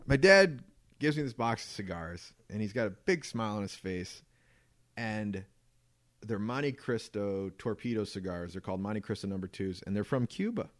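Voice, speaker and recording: Guy in his 30s, lowish voice, rambling casual podcast story, cusses a lot, dead dry sound. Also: animated, normal speed, no room sound. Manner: rambling storyteller, frequent swearing. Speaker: podcast co-host.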